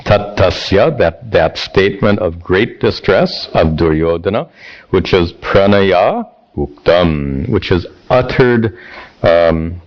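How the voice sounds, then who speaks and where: A man teaching a scripture class, speaking haltingly with repeated words and chanting verses slowly. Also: sits low, lively intonation, dull audio.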